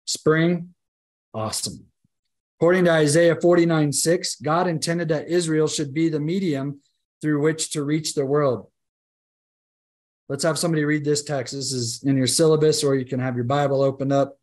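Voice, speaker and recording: A man's voice: fairly high pitch, steady tone, moderate pace, darkish tone. A man teaching a Bible study class in a conversational, emphatic way, often asking the group "right?" and restarting his sentences.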